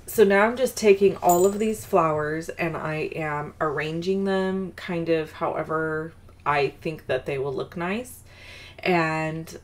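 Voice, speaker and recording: Low-voiced chatty woman crafting host. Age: adult mother of a daughter. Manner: rambling and self-deprecating, with fillers and asides. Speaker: card-making video host. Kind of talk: chatty crafting tutorial with personal story.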